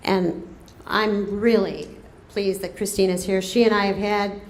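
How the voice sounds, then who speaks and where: A woman's voice: mid-range voice, fairly even intonation. A woman giving a political rally speech as a campaign co-chair, rousing the crowd and drawing out her words. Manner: rousing, drawn-out delivery with rising calls to the crowd. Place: event room at a cafe, crowd present. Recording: echoey room with crowd murmur.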